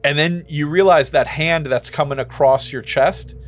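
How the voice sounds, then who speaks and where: A man narrating a tabletop game as game master, in a relaxed way with frequent fillers. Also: a little high, normal speed.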